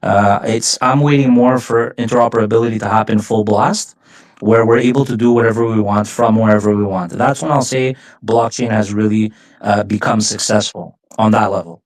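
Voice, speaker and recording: A man co-hosting a casual podcast, chatty and slangy, telling anecdotes in a relaxed way. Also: lowish voice, moderate pace. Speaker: podcast co-host. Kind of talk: casual conversation.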